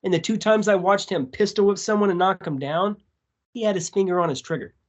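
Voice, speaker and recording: Man telling a rough story, swearing. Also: sits high, a little fast. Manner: profane, animated storytelling. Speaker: podcast guest; tattoo artist. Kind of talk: casual storytelling.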